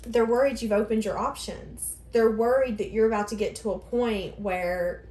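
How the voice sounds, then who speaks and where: A woman's voice: fairly high pitch, steady tone, moderate pace, darkish tone. A woman giving a casual tarot reading, rambling and thinking aloud as she goes. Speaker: tarot reader. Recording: echoey room.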